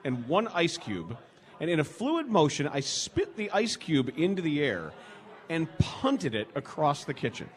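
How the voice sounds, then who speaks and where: A man hosting a call-in sports talk radio show, reading listener stories and chatting with callers. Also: fairly high pitch. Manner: lively, laughs along with callers.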